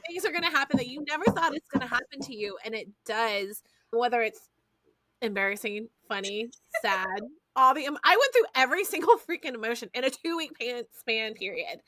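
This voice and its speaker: A woman, hosting a podcast and telling stories in a lively, foul-mouthed, chatty way. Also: a little high, fairly quick, no room sound. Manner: animated storyteller, swears freely, addresses listeners as y'all. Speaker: podcast host. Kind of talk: casual chat.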